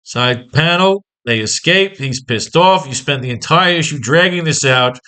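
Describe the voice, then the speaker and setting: A man's voice: fairly high pitch, lively intonation, a little slow, few pauses, pushed and bright. A man teaching comic book writing in a casual online lesson, talking in a profane, rambling, exasperated way.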